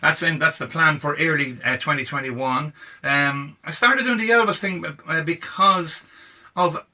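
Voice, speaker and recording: A man's voice: on the high side, a little slow, bright, forceful tone. An Irish man, a singer and actor, chatting in a rambling, friendly way as a guest on a tour bus. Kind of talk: casual interview chat.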